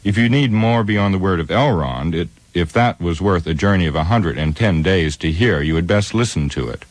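An elderly male hobbit recites verse with impatient spirit. A man reads him in an audiobook. The deep voice lifts a touch above the narration. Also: normal speed, no room sound. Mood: feisty. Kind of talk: audiobook character reading.

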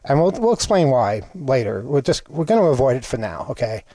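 A man's voice: medium pitch, sing-song, brisk, mellow, no echo. A man hosting a show, chatting casually in a playfully indignant, rambling way. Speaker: show host. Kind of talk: casual comedic chat.

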